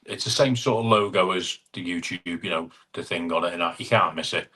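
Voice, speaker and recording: This livestream host has a low voice that is bright and forceful with a breathy edge. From his home room he runs a casual live chat, reading out viewers' comments, calling them "mate," and tossing in quick asides, recorded on a wireless clip-on mic.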